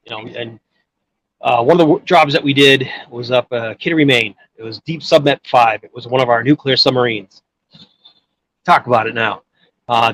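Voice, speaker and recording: A guest storyteller rambles through a long personal story in casual conversation, restarting often and using lots of filler words. His voice is mid-range and a bit bright, and the recording is rough.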